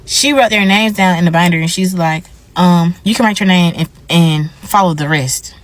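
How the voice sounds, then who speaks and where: A woman's voice: on the low side, normal speed, no echo. A young woman telling a storytime rant, acting out what people said. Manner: animated, acts out dialogue. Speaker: vlogger.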